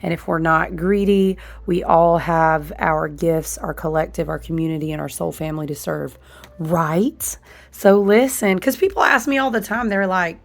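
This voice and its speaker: Hoarse, gravelly-voiced chatty woman. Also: fairly low pitch, unhurried. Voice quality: husky, smoky-sounding. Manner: chatty, animated, says "y'all" and "listen" often. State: hoarse, voice recovering. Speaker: candle and ritual tool maker. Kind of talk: casual chat to camera.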